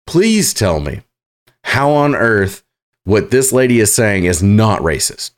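A man hosting reaction commentary, sarcastic and halting, full of fillers and restarts. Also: lowish voice, very animated. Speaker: commentary host.

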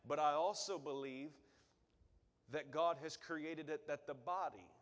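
Man, preacher, sermon, fervent then quiet, somewhat high voice, reverberant church hall. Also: unhurried. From Michigan, USA. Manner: fervent preaching that swings from loud exhortation to quiet storytelling. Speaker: guest preacher. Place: church sanctuary.

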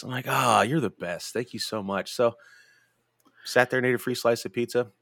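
A man's voice: medium pitch, normal speed, creaky, fairly bright tone, no echo, clean studio sound. A young man hosting a podcast, telling a rambling, profane story with lots of laughter and restarts. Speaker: podcast host. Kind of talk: casual storytelling chat.

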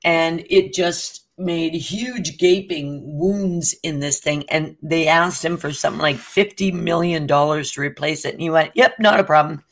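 A woman's voice: sits low, measured pace, hardly any pauses. A woman telling a long story in casual chat, acting out the lines of the people in it and laughing as she goes. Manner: animated, acts out quotes with laughs. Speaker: co-host.

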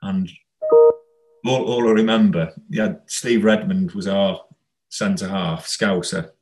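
A man, a former footballer, telling stories in a relaxed, rambling interview. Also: low voice, slow pace, rough recording. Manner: rambling, anecdotal, laughs while telling. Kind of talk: casual storytelling interview.

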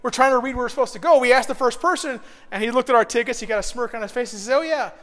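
A middle-aged man preaching a sermon, telling stories with animated swings between soft and loud delivery. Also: very high-pitched, very fast, big-room sound. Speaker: pastor.

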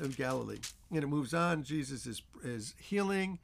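A man's voice: mid-range voice, lively intonation, normal speed, creaky, hardly any pauses. A man teaching a Bible chapter as pastor, with earnest, repetitive emphasis.

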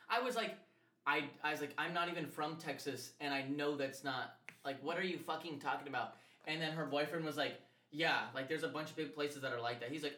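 A young man co-hosting a podcast, telling stories in a casual, animated, profane way and laughing often. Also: fairly high pitch. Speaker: podcast co-host. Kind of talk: casual storytelling chat. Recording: echoey room.

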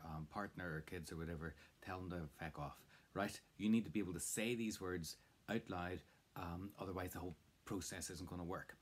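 Man, low voice, husky, casual teacher, talks straight to camera. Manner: chatty, informal, coaching the listener. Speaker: language teacher. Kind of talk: casual spoken lesson. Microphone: close mic to camera.

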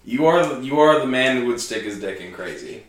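A man's voice: mid-range voice, animated, fairly quick. Teasing podcast guy in a very echoey room. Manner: teasing, crude. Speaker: podcast co-host. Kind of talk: casual chat.

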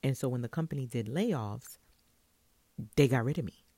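A woman from Brooklyn, a hairstylist telling a story in a casual, animated way and laughing often. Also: extremely low pitch, moderate pace, slightly rough, dry recording. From Brooklyn, New York.

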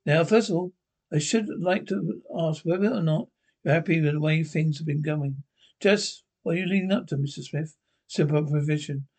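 A man's voice: fairly high pitch, moderate pace, a little mellow. An actor playing a sly old male devil who poses as an eccentric man, coaxing and mock-polite in a TV drama. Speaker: newspaper typesetter. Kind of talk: TV drama acting.

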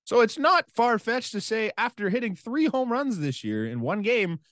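Animated man in casual sports chat. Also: sits high, no echo, studio quality. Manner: animated, laughing, rapid asides. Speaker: podcast co-host.

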